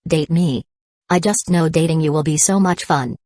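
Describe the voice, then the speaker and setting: A playful teenage girl with a weak heart teases and giggles, as a woman reads her lines in an audiobook. Her voice sits low and soft, a little short of breath. The sound is dry and close. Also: normal speed, dry recording. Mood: teasing.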